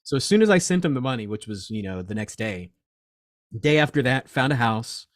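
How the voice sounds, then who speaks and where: A man, a shop owner telling stories in a casual interview, rambling and animated, swearing often. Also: mid-range voice, fairly quick, dry recording, studio quality. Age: 40s. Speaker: crystal and reiki shop owner, guest.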